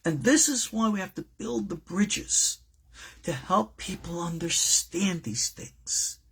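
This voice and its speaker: A man with a deeply husky, raspy voice teaches as a rabbi, swinging his pitch widely from low murmurs to high stresses. He talks in a loose, conversational way, wandering off into asides and then hammering his points home. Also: animated, slow, a bit bright. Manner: emphatic, conversational, digressive. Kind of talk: informal recorded lecture.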